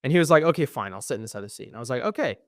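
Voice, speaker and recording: A man's voice: medium pitch, racing, no echo, clean studio sound. A young man co-hosting a podcast, telling a long story with lots of ums and acting out what people said. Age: young adult. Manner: animated storyteller, acts out quoted exchanges, frequent ums; swears when frustrated. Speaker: podcast co-host. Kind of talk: casual storytelling chat.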